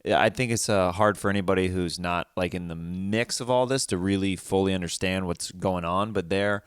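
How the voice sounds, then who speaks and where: Clear, low-voiced male podcast host. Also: moderate pace, no room sound, clean studio sound. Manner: animated, joking, with many restarts. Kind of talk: casual chat.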